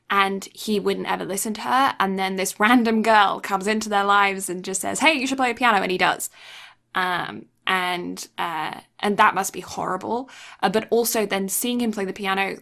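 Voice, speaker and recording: A woman of middle pitch with noticeable vocal fry talks casually as a podcast co-host. She works through her thoughts with fillers like "um" and "like", and lifts her voice when quoting characters. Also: pushed and bright. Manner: earnest, uses fillers like "like" and "um", acts out quotes higher. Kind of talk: casual chat discussing an anime.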